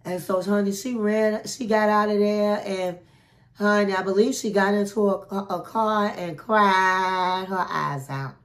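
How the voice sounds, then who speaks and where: A woman's voice: mid-range voice, fairly even intonation, a little slow. A woman hosting a casual reality TV recap, chatty and dramatic, acting out the quotes and calling the listener honey.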